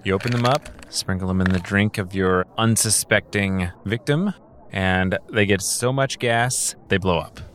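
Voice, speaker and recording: Guy gm-ing a tabletop game, lowish voice, playful pitchman talk. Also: unhurried, fairly bright tone. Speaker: game master voicing shopkeepers.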